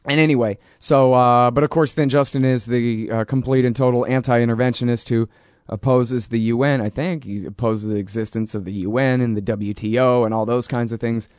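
A man's voice: mid-range voice, fairly even intonation, brisk, darkish tone, no echo, clean studio sound. A man hosting a political talk show, talking in a casual, rambling and sarcastic way. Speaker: radio show host.

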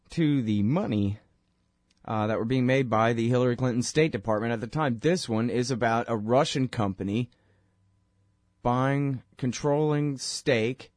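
A radio show host with a mid-range, slightly mellow voice delivers a casual political monologue, rambling sarcastically through the news with plenty of fillers. The recording is dry and studio quality.

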